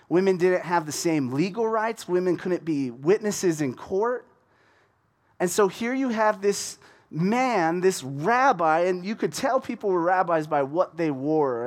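A man from the United States preaching a conversational sermon in an animated way, acting out the people in his story. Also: high voice.

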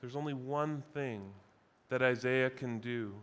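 A man preaching a sermon at a conference, deliberate and emphatic, repeating key phrases for weight. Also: medium pitch, fairly even intonation, fairly bright tone, smooth. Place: conference session.

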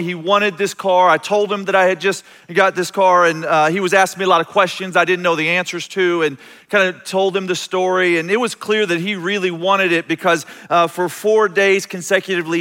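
High, bright preacher in a hall. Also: male voice. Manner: storytelling, acts out quoted voices, self-interrupting restarts. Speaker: pastor. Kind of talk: sermon with personal story. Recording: long reverb of a large hall.

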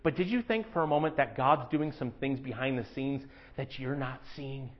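A man preaching a sermon in church, animated, swinging between hushed asides and loud emphatic lines. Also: medium pitch, moderate pace, dull audio. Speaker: pastor.

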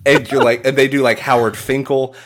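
A man co-hosting a podcast in casual chat, excitable, laughing often and swearing. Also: mid-range voice, a little fast, heavy background noise. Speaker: podcast co-host.

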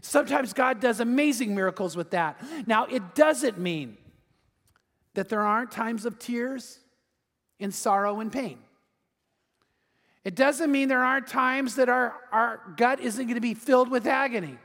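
Male pastor, sermon, animated storyteller, very high voice, long hall reverb. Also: measured pace. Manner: animated storytelling, repeats words.

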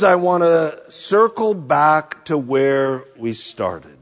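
A man preaching a sermon as pastor, asking searching rhetorical questions one after another and letting phrases sink low at the ends. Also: in a large hall.

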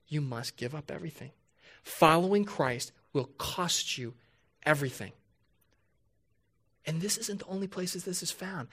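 A man preaching a sermon as a pastor, talking conversationally to his congregation, asking rhetorical questions and slowing down to drive key points home. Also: sits high, a bit bright. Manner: emphatic, slows down to stress key points.

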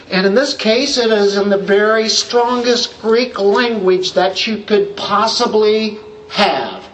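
A man's voice: sits high, a bit bright, distant mic, slight background noise, rough recording. A man preaching an expository sermon as pastor, plain-spoken and emphatic, asking rhetorical questions.

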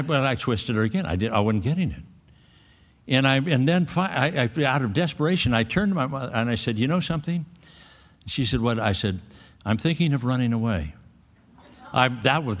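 A man preaching a sermon, folksy and storytelling, swinging into emphatic passages. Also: mid-range voice. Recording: dull echoey hall recording.

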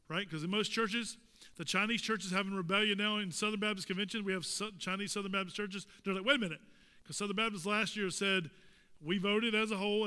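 A man's voice: high voice, pushed and bright, clear, resonant tone, big-room sound. A male pastor preaching a sermon, asking the congregation pointed rhetorical questions with emphatic delivery. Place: church sanctuary.

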